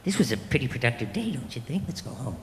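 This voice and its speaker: A man in his fifties doing a rambling, self-deprecating stand-up comedy set, now and then jumping into loud mock voices. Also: medium pitch, big pitch swings, fast, a little hiss or hum. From New York. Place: comedy club stage. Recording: echoey club room with long reverb.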